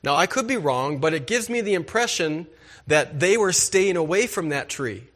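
A man's fairly high-pitched voice delivers a sermon as pastor. He speaks emphatically and keeps putting rhetorical questions to his listeners. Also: lively intonation, moderate pace, fairly bright tone.

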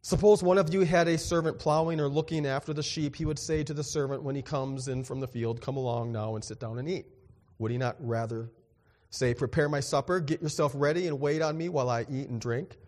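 A man preaching a sermon in an animated, joking way, acting out little dialogues with big swings in his voice. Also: a little high, fairly quick, big-room sound. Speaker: pastor.

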